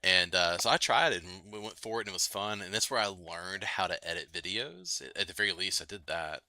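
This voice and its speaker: A man hosting a late-night gaming livestream, chatting loosely with viewers, full of fillers and quick laughs. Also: low voice, animated, sharp tone, no echo. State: itchy nose. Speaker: livestream host. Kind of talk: casual gaming livestream chat.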